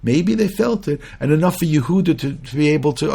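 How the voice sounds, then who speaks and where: Gravelly, husky rabbi teaching Torah. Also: male voice, mid-range voice, fast, few pauses, mellow. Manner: earnest, questions the audience, frequent restarts; chants Hebrew verses between English explanation. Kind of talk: conversational Torah lecture.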